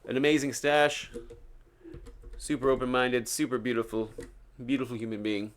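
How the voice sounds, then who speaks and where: A man's voice: mid-range voice, flat delivery, normal speed, a little hiss or hum. A man live-streaming, talking casually and earnestly, preaching about a book he reads to his viewers.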